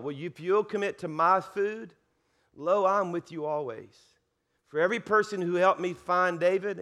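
Animated preaching man, higher voice. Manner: animated storytelling with laughs and repeated words. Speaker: guest pastor. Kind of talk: sermon.

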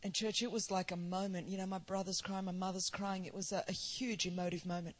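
Standing before a church, an Australian woman in her forties tells her own story as a sermon, shifting from plain narration to ringing, emphatic declarations with a preacher's rhythm. Her medium-pitched voice is flat in delivery and fairly quick.

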